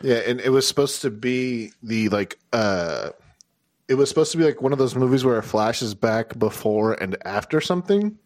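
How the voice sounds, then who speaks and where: A man's voice: mid-range voice, lively intonation, normal speed, darkish tone. Man stumbling through casual podcast chat. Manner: stumbling, restarts sentences.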